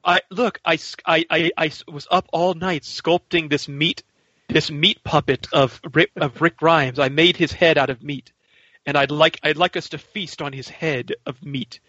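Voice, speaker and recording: A man voicing a clingy, unhinged woman who stalks the hero, with breathy, coy, mock-formal talk. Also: on the high side, fairly even intonation, normal speed, bright, forceful tone, no echo. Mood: rambling. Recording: dull lo-fi podcast audio.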